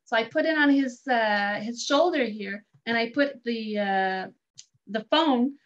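A woman telling a story in a casual, animated way, laughing often and restarting lines. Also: on the high side, unhurried. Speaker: guest sharing a story. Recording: dull lo-fi sound.

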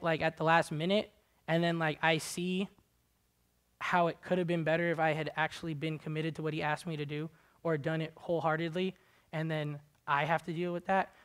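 A man's voice: level tone, brisk, smooth. Chatty preacher man, casual sermon. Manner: casual and chatty, full of "like" fillers; swings from low, quiet asides to loud, high-pitched exhortation. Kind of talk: conversational sermon.

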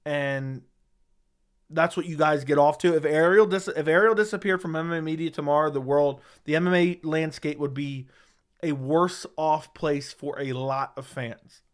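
A man's voice: on the high side, steady tone, normal speed. A man hosting a casual livestream, reading viewer chat aloud and giving blunt, sarcastic, slangy replies into a studio microphone.

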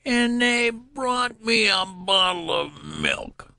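A man's voice: wildly swooping pitch, slow, gravelly, bright, forceful tone, no echo, studio quality, heavily acted. A man voicing a cranky newborn in an old man's body, with a weak, whining voice. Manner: complaining, shrill protest.

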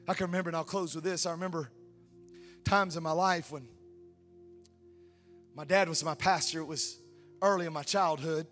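A man preaching a sermon, fervent, swinging between shouted peaks and hushed tender asides. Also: a little high, steady tone, moderate pace, pauses often, faint music behind. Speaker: pastor. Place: church sanctuary.

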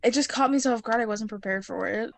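A woman from the American South co-hosting a casual podcast, firing off quick quips and laughing easily. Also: on the high side, vocal fry. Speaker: podcast co-host. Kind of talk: casual chat.

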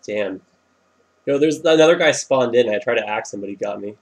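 Guy gaming w a buddy, excited, swears a lot, tells his fights blow by blow. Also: medium pitch, a little fast. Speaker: gamer recording his play. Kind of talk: casual gameplay chat with a friend.

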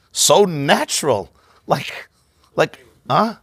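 A man, a rabbi, giving an informal synagogue class, telling stories in a conversational, animated way. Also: medium pitch, normal speed, pauses often, slightly rough, dry recording, studio quality. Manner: conversational, storytelling, animated asides.

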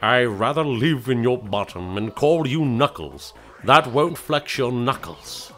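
A man putting on a mock British voice, reading a chat message aloud in a slow, drawn-out way. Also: mid-range voice, expressive, a bit bright, soft background music. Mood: mock-posh.

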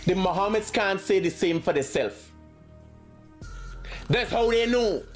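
A man's voice: high-pitched, lively intonation, unhurried, soft background music. Defensive Guyanese man, insistent. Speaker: critic giving his side. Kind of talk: clip of a heated self-defense statement.

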